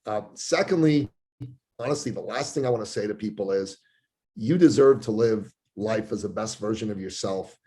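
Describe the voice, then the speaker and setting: A podcast guest in his forties tells a lively personal story. His voice is mellow and dark-toned, and he leaps higher for the quoted lines he acts out. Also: normal speed. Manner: acts out quoted voices with big pitch jumps. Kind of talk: animated storytelling. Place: Toronto area.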